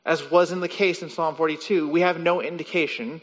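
A man's voice: steady tone, fairly quick, a bit bright. Man preaching in an echoing hall. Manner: teaching, acts out story voices with rising pitch. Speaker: pastor. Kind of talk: sermon. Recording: muffled sound with long hall reverb.

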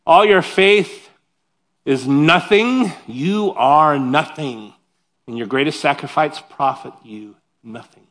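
Male pastor, higher register, animated conversational preacher who talks straight to the congregation. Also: slow pace. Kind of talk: sermon.

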